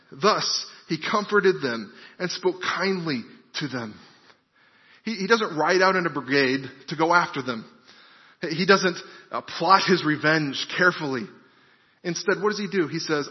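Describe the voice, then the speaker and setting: A man's voice: fairly high pitch, animated, normal speed, muffled recording. Preaching man in a reverberant hall. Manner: preaching with rhetorical questions and repetition. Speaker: pastor. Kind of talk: sermon.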